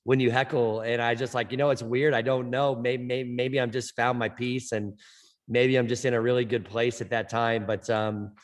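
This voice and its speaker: A middle-aged man from California, a softball coach being interviewed on a podcast, who stutters and often repeats words and fills pauses. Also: medium pitch, level tone. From Orange County, California. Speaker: head softball coach, guest.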